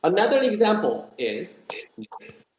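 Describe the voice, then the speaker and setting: Slow, patient man teaching Korean. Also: high-pitched, sing-song, a little mellow, lo-fi sound. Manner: slow, patient explaining with repeated example sounds. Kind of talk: online language lesson. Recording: echoey room with faint noise.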